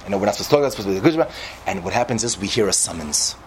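A man delivers an informal sermon to listeners, telling a parable with lively, animated storytelling. He mixes Hebrew and Yiddish words into casual speech. A faint hiss sits under the recording. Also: on the low side, rapid-fire, creaky, low-quality recording. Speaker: yeshiva speaker.

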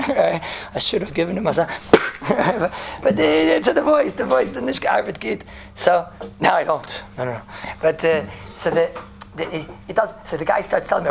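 A man teaching a Torah class as a rabbi, animated and joking, sprinkling his talk with Yiddish and Hebrew terms. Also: sits high, a little fast, gravelly, slight background noise. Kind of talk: lively Torah lecture.

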